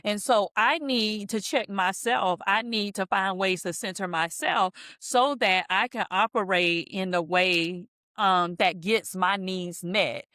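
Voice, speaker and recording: A woman's voice: mid-range voice, a little slow, sharp tone, no room sound. Woman, podcast guest, counselor and minister, earnest teacherly explaining, dry close mic. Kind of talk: candid podcast conversation.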